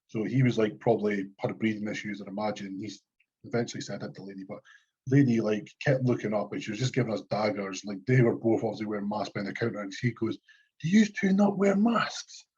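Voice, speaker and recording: A man's voice: on the low side, fairly even intonation, fast, a little mellow, husky, dull audio. A Scottish man co-hosting a podcast, chatting casually in a blunt, sweary, dismissive way. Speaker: podcast co-host. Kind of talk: casual chat.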